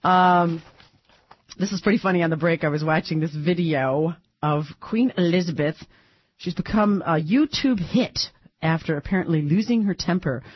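A woman hosting a talk radio show, chatty and animated, thinking aloud with plenty of fillers. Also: sits low, breathy edge, no echo. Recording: dull, dry broadcast audio.

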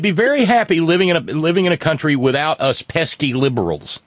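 A man's voice: fairly high pitch, expressive, a little fast, dry recording. A man hosting a talk radio call-in show, talking in a conversational, wry way.

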